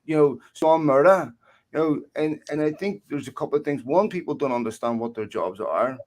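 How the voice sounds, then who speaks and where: A man's voice: on the high side, animated, a little fast, a little mellow, poor audio. A man talking football on a live fan show, chatty and addressing his fellow panelists, laughing at his own stories. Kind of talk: live online football talk.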